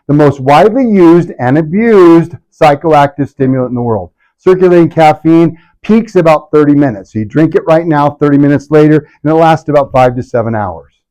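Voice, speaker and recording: A man giving a lively health workshop to a live audience, asking the room questions and acting out patients' complaints in a jokey way. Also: on the high side, normal speed, low-quality recording. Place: clinic event room.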